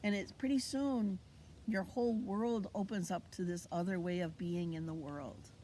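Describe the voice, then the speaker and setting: Outdoors on an autumn plant walk, a woman who teaches Indigenous culture tells stories with animation and voices the people she quotes. She speaks at a moderate pace in a fairly low, mellow, steady tone, with a little hiss or hum in the recording.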